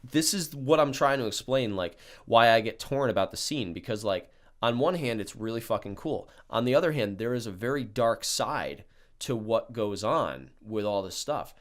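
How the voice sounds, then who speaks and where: A man's voice: medium pitch, moderate pace. A young man casually telling a wild story on a podcast, swearing freely and acting out what people said. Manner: animated, swears a lot, acts out quotes.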